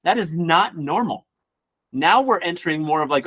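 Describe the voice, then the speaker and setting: A man who works as a real estate coach, giving an energetic motivational class with casual joking asides. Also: a little high, normal speed, husky. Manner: energetic, acts out quoted people in voices.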